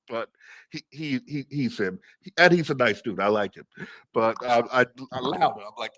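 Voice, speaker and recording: A man's voice: medium pitch, very animated, moderate pace, fairly bright tone, no echo. A young man calling in to tell a rambling work story, laughing often as he talks. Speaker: caller. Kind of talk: casual storytelling.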